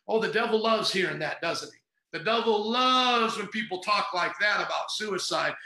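High-voiced fervent preaching man. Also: expressive, moderate pace, bright, forceful tone, roomy sound, low-quality recording. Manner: fervent, sarcastic, rambling. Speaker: pastor and podcast host. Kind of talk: casual preaching podcast.

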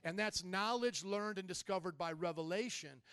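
A male pastor preaching a sermon in a lively way, leading the congregation in call-and-response. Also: high-pitched, normal speed, clear, resonant tone, no room sound.

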